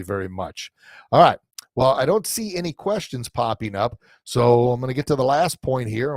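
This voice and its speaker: A man's voice: mid-range voice, no room sound. A middle-aged man hosting a live podcast stream, talking loosely to listeners with many fillers, restarts and heartfelt asides. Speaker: podcast host and coach. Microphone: camera mic in front of him.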